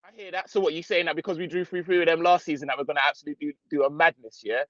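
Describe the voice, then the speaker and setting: A man's voice: fairly high pitch, fairly even intonation, rapid-fire, a bit bright, dry recording, muffled recording. Slangy man chatting live. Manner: slangy, reads out viewer comments, upbeat. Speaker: football channel host. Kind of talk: casual live stream chat.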